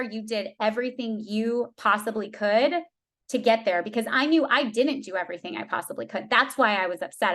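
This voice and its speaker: Lively woman telling her story. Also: a little high. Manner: emotional storytelling, lively, with many restarts. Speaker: team leader. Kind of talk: candid talk to her team.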